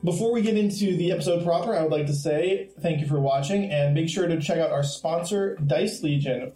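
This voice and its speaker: A man's voice: on the high side, warm tone. A man narrating a tabletop game as game master, describing scenes in a laid-back way. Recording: echoey room.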